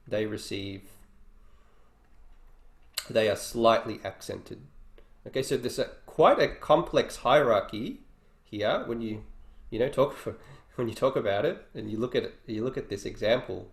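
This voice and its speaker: With a fairly low pitch and a slightly slow pace, a man teaches guitar in an online workshop, explaining casually and reasoning aloud between demos. Faint guitar and roomy echo fill the recording.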